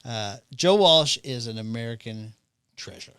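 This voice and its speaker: A man's voice: medium pitch, measured pace, clean tone, no echo. A man co-hosting a podcast, telling anecdotes in casual chat and acting out the quotes. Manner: animated storyteller who acts out quotes. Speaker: podcast co-host.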